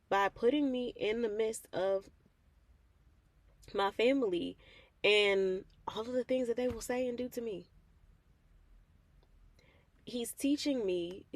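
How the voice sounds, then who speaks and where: A woman's voice: mid-range voice, dry recording. A woman host sharing a personal faith testimony in a conversational, heartfelt way, acting out the prayers she quotes. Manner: conversational and heartfelt, calls listeners "baby", acts out quoted prayers. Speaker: host of a faith reflection channel.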